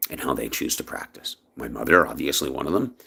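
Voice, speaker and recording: Man from Canada, gravelly low voice, husky, emphatic vlog monologue. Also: fast talker. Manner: emphatic, impassioned, lively swings in pitch. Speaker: vlogger. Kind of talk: personal opinion monologue.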